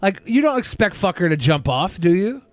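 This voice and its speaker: High lively podcast man, blunt banter. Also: a little fast. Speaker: podcast co-host. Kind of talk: casual chat.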